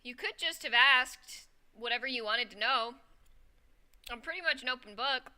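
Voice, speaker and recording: Woman voicing a giggly, evasive young woman in a live story reading; very bright and clear. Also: high voice, moderate pace. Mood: playful. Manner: giggly, evasive, jokes about herself. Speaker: voice actor reading a character.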